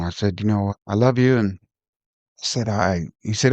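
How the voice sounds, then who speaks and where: A man hosting a podcast, telling a personal story in a reflective, halting way with frequent restarts. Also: on the low side, steady tone, a little mellow, no room sound, muffled recording. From Ohio. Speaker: podcast host.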